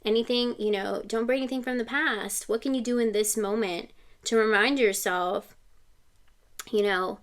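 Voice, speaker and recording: A woman with a fairly high voice giving a casual tarot reading. She talks in a chatty, reassuring way and keeps checking in with her listener. She sometimes slips into snatches of song lyrics. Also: steady tone, moderate pace. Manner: chatty, reassuring, often asks "okay?". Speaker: tarot reader. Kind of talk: casual spiritual reading to camera.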